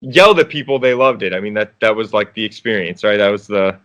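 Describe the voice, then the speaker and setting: A man's voice: lowish voice, fast talker, a bit bright, lo-fi sound. A man, an actor guest, chatting casually in an interview, rambling with restarts and frequent laughs.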